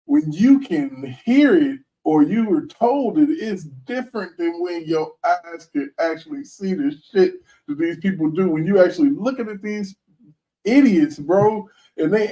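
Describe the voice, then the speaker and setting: A man hosts a loose commentary chat, slangy and emphatic, breaking into laughter often. His voice sits a little high, and he sounds somewhat distant from the mic. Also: warm tone. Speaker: host.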